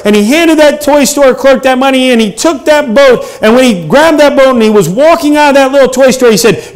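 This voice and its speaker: A middle-aged male pastor delivers a sermon in an earnest, emphatic way. His voice sits notably high. He pauses and hesitates often between his points.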